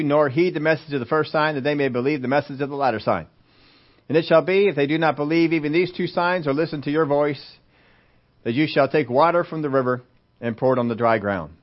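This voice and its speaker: A man preaching a sermon in a conversational way, often asking the congregation questions. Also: medium pitch. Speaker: pastor. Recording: dull lo-fi recording.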